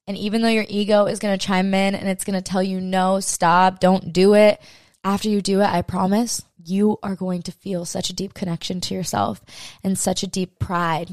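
A woman's voice: mid-range voice, a little mellow, no room sound, clean studio sound. A young woman hosting a podcast, telling a personal story while crying, emotional and swearing freely, acting out her own inner voices. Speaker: podcast host. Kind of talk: personal confessional monologue.

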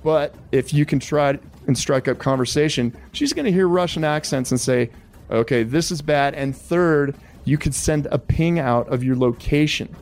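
A man's voice: fairly high pitch, normal speed, few pauses, a little mellow. A man hosting an interview, politely calling his guest sir and telling a survival scenario step by step. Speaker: podcast host.

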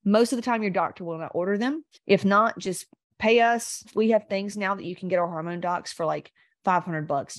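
Middle-aged woman host, lowish voice, profane and unfiltered, dry close sound. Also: no room sound. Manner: blunt, profane and rambling; speaks straight to listeners. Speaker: podcast host and health coach. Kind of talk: casual unscripted coaching talk.

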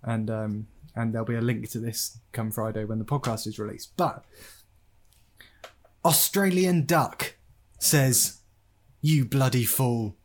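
A man's voice: mid-range voice, a little slow. A man talking into a podcast microphone in a loose, chatty way. He tells stories at an easy pace and breaks into laughter often. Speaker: podcast host. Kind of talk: casual podcast chat.

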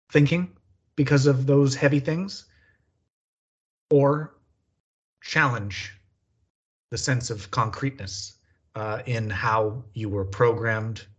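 A man hosting a podcast, answering in slow, halting, reflective phrases. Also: medium pitch. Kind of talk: reflective conversation. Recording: dull lo-fi sound.

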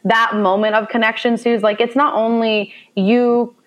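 This Indiana woman in her thirties, a mother of a child with special needs, is a guest in an interview, sharing an emotional personal story in conversation. Her voice sits a little high at a moderate pace, and she sounds earnest and heartfelt, livening up whenever she acts out her own thoughts. The audio quality is poor.

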